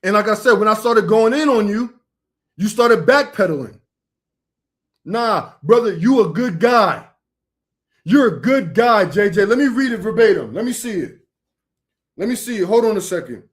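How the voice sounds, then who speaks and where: A man's voice: high-pitched, expressive, normal speed, pauses often. A man talking in an informal vernacular, ranting confrontationally on a livestream and calling out a rival directly, repeating himself. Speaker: online preacher. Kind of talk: heated livestream rant.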